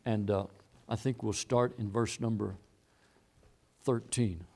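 A man's voice: lowish voice, steady tone, takes it slowly, warm tone, husky. A man preaching a sermon, repeating and stressing his points as he quotes scripture. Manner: emphatic, repetitive preaching with Bible quotes.

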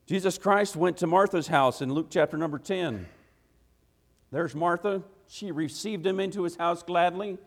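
A man's voice: high voice, moderate pace. Emphatic folksy male preacher. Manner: emphatic, rhetorical questions, frequent "hey" interjections; folksy, drops into "gotta" and "ain't". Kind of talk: evening church sermon. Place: church sanctuary. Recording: long reverb of a church hall.

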